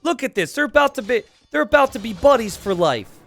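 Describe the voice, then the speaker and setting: A man hosting casual gameplay commentary, excitable and quick to laugh, chatting with his viewers and asking them questions. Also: very high voice, vocal fry, faint music behind. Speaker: game commentator and channel host.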